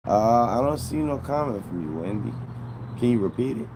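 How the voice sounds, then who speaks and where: A man's voice: mid-range voice, animated, moderate pace, background noise. A man livestreaming to his viewers, rambling in an aggrieved way and swearing a lot. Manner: aggrieved, rambling and heavily profane. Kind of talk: casual livestream chatter to viewers.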